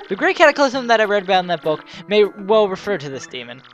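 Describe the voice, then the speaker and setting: A woman voicing an earnest male scholar, reading game dialogue aloud in a steady way. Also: mid-range voice, fast talker, soft background music, natural voice. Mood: explaining. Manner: steady read-aloud delivery. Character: earnest male scholar explaining ancient lore.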